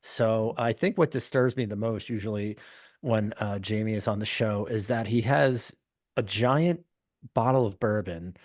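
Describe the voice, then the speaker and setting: A man's voice: lowish voice, measured pace, darkish tone, no room sound. Laughing Long Island man on a dry mic. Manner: laughing, rambling, self-deprecating. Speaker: podcast co-host. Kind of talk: casual chat.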